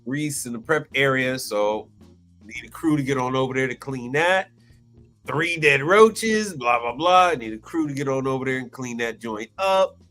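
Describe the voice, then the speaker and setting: A man hosting a live stream on commercial appliance repair, reading through inspection reports with excitable, theatrical exclamations. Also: medium pitch, normal speed, faint music behind.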